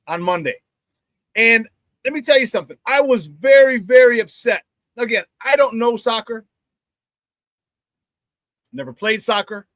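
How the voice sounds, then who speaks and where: A middle-aged man hosting a sports talk show, telling stories with animated energy and acting out the banter he remembers. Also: very high voice, no room sound. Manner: animated storyteller, acts out quoted banter loudly, laughs often.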